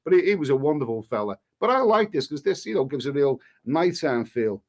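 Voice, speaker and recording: A travel vlogger hosts a laid-back live stream, reading out viewers' comments and firing back cheeky banter, often restarting his sentences. His voice is slightly high and sing-song, and he talks a bit fast.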